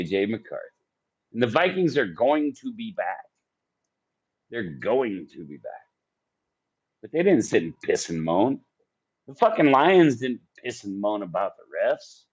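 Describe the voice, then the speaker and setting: A man's voice: mid-range voice, big pitch swings, measured pace. A man in his forties ranting on a live sports stream, profane and combative as he answers his chat. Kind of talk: heated live-stream rant. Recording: dull lo-fi stream audio.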